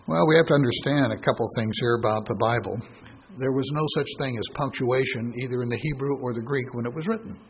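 A man giving a sermon as a Bible teacher. He reasons aloud through scripture, pauses on fillers and voices imagined objections. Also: medium pitch, slight background noise, low-quality recording.

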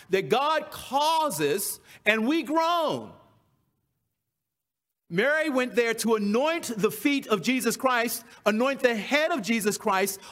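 Male preacher, high-pitched, emphatic sermon delivery with repeated phrases. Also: bright, forceful tone. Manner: emphatic, repeats key phrases for stress, reads scripture aloud.

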